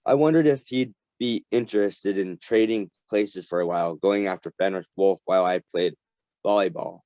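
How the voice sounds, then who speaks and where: A man reading a novel aloud to a community reading group, halting and often restarting words. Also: deep voice, a little mellow, dry recording. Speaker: story reader. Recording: dull dry lo-fi recording.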